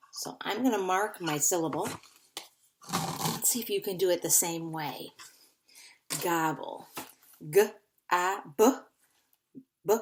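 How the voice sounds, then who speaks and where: A woman's voice: on the low side, slight background noise. A woman teaching a phonics lesson to young children, patiently repeating words to sound them out.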